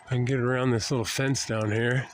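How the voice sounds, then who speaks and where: A man's voice: medium pitch, flat delivery, a little fast. An older man with a cold, congested and breathing hard, muttering to himself as he hikes outdoors by a river. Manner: muttering to himself while hiking. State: congested from a cold, stuffy nose; out of breath from walking. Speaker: drifter vlogger. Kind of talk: casual walking vlog. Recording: noisy outdoor recording.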